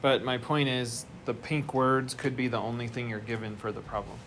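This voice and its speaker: A man's voice: medium pitch, level tone, normal speed, fairly bright tone. Male math teacher, mid-range voice, patient step-by-step lecturing, classroom noise audible. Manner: explains step by step, asks the class questions. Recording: noisy classroom recording.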